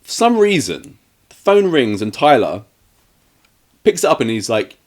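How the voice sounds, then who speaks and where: A man co-hosts a casual podcast, mocking a bad horror film with dry sarcasm. His pitch swoops around animatedly as he acts out bits of dialogue. The talk is loose and conversational. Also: sing-song, a little slow. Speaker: podcast co-host. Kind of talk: casual movie review chat.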